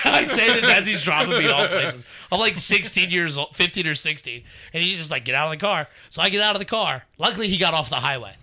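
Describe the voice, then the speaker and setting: A man's voice: high-pitched, lively intonation, a little fast, pushed and bright. A young man from Northern Kentucky telling stories in a casual podcast chat, acting out quotes and laughing often. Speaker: podcast co-host.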